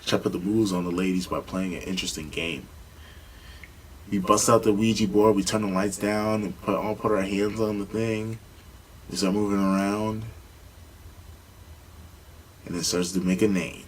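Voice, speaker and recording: This podcast co-host is a young man with a fairly low voice who speaks at a normal speed and pauses often. He tells stories in a casual chat, animatedly acting out the voices of people he quotes. The recording is low quality, with a little hiss or hum.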